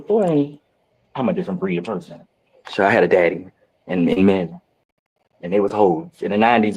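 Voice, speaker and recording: Fast-talking, animated husky man. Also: poor audio. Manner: fast, animated, profane storytelling with big pitch swings. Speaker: reality show cast member. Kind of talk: candid casual chat.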